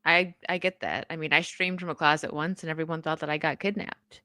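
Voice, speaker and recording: A woman hosting a casual podcast chat, telling animated stories and laughing often. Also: low-pitched, brisk, smooth, no echo, clean studio sound. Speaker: host.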